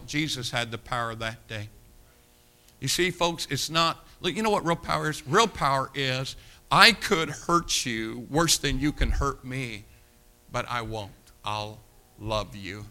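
A man preaching a sermon, swinging between loud, shouted stretches and quiet, hushed appeals. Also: mid-range voice, a little slow.

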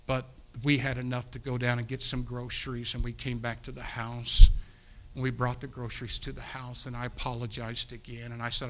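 A pastor preaches in an earnest, pleading way, telling a personal story to his congregation. His voice is bright and forward, rising loud and then dropping almost to a hush. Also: mid-range voice. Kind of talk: storytelling sermon.

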